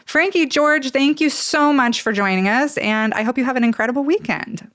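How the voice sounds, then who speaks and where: A woman's voice: high-pitched, moderate pace, a bit bright, no echo, studio quality. A woman hosting a casual local news podcast, joking and self-mocking, laughing often as she talks. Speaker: podcast host.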